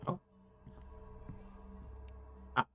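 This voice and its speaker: A woman's voice: extremely slow, highs cut off, soft background music. A woman playing a video game live and commenting as she goes. She tosses out wry, joking asides between the game's lines. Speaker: streamer.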